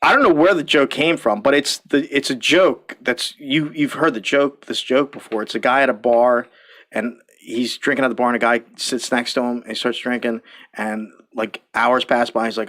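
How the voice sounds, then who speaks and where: A man's voice: medium pitch, steady tone, brisk, fairly bright tone. A man hosting a podcast, telling profane, rambling stories in casual chat and laughing often. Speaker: podcast host.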